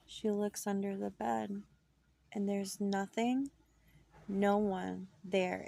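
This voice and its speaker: A woman's voice: medium pitch, gravelly, darkish tone. A woman casually telling a true paranormal story from her childhood, chatty and dropping into whispers for suspense. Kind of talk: casual first-person storytelling.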